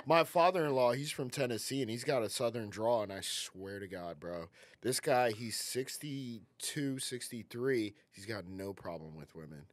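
A man's voice: medium pitch, expressive, moderate pace, dry recording. A man hosting a podcast, joking around, swearing and jumping in with side stories. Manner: joking, swearing, interrupting with asides. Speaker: host. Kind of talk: casual chat.

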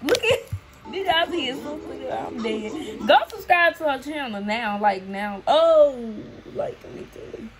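A woman's voice: high voice, expressive, normal speed, hardly any pauses, fairly bright tone, a little hiss or hum. A young woman reacting to her old videos in a chatty, giggly way, talking straight to her viewers. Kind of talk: casual reaction chat. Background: music.

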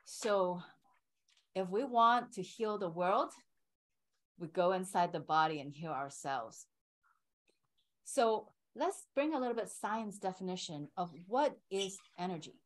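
Slow-paced woman teaching qigong. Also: mid-range voice, lively intonation, poor audio. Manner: explains slowly, often checks in with "right?" and "okay". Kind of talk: teaching an online class.

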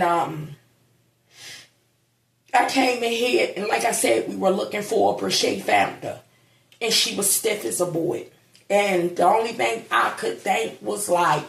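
A woman's voice: mid-range voice, creaky. A woman vlogging at home, grieving and holding back tears, talking bluntly and swearing now and then. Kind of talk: casual vlog monologue. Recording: echoey room.

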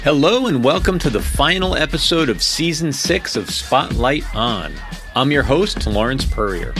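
A man hosting an interview podcast, introducing his guest and asking curious, measured questions. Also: medium pitch, animated, over music. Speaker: podcast host.

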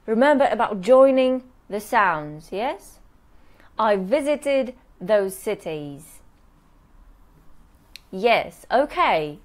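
A woman teaching English pronunciation in a live online workshop, modeling words slowly and checking in with "yes?" after nearly every point. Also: mid-range voice, sing-song.

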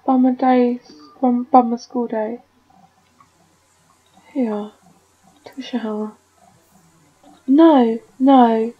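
A woman's voice: a little high, fairly even intonation, very slow, long pauses, breathy edge, narrow, tinny audio. A woman giving casual commentary while she plays a life-simulation game, scolding and coaxing her characters like a fussing parent. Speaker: gaming video creator.

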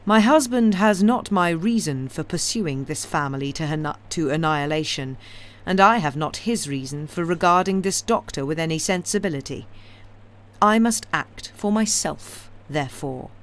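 A woman voicing a stern, vengeful middle-aged woman revolutionary, cold and deliberate, in a read-aloud novel. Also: low voice, lively intonation.

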